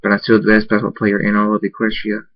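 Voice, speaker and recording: Man, low voice, monotone, stumbling story reading, repeats words, dry dull lo-fi recording. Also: quick pace, dry recording. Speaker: fan fiction author reading his story. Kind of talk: first-person story reading.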